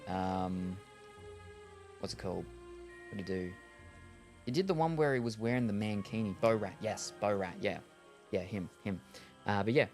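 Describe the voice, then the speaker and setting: A man's voice: on the low side, moderate pace, pauses often, darkish tone, soft background music. Rambling Australian man streaming a game. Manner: rambling, hesitant, many fillers. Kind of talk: casual chat while gaming.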